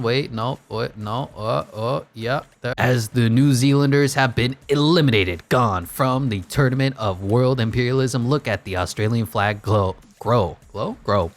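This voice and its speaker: A man calls a video game match like a sports announcer, but with a dry, teasing edge. His pitch sits in an ordinary middle range. The delivery keeps slipping into mock-serious announcer phrasing. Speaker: gaming YouTuber. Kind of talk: sarcastic play-by-play game commentary.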